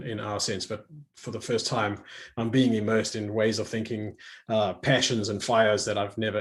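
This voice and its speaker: A middle-aged man talking reflectively as a guest, often restarting his phrases and laughing easily. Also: on the low side. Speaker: guest speaker. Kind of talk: conversational online talk.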